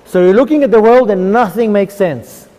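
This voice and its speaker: A man's voice: high-pitched, normal speed, dark tone, big-room sound. A rabbi, a man, telling of his near-death experience, emphatic and repeating phrases for effect.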